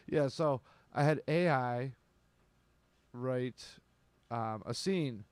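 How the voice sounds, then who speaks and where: A man's voice: medium pitch, extremely slow, pauses often, a little mellow, clear, resonant tone, dry recording. A man hosting a comedic show, rambling and sardonic, swearing often. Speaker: host. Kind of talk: casual comedic chat.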